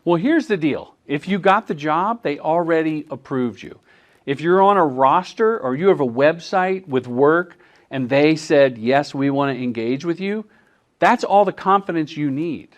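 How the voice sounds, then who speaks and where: A middle-aged man, a commercial director, giving a live workshop talk as an animated storyteller. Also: a little high, measured pace. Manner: animated storyteller who acts out quotes.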